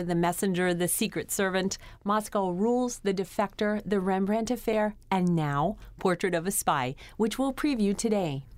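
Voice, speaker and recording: Brief: mid-pitched female host, clear scripted intro, dry sound. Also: darkish tone, no echo.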